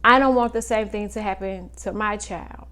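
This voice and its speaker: A woman in her thirties, a mother, talking through a personal story slowly with many fillers and pauses. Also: medium pitch, steady tone, pushed and bright. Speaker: mother vlogger. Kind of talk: personal reflective monologue.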